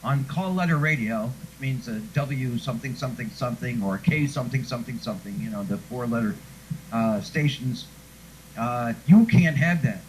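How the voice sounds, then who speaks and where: A man's voice: medium pitch, normal speed, slight background noise, low-quality recording. A man being interviewed who once read radio news, telling chatty stories and laughing often. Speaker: guest; former radio newscaster. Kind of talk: casual chat.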